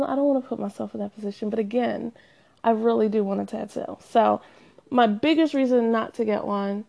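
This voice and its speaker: A chatty woman telling her own story straight to camera, self-deprecating and animated. Her voice sits a little high and carries a gravelly vocal fry. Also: lo-fi sound. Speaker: vlogger. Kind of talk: confessional casual monologue.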